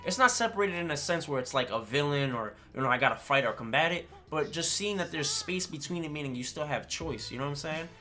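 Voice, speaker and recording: A man chatting casually on a stream, telling a story in an animated way with slang and swearing and often checking in with his listeners. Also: on the high side, quick pace, few pauses. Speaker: streamer and fighting game player. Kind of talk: casual chat.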